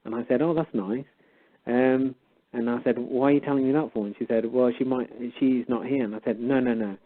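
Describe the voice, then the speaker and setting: A man's voice: mid-range voice, a little fast. Man telling a story over a tinny line. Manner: animated retelling, acts out both sides of dialogue. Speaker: guest storyteller. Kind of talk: casual storytelling on a call.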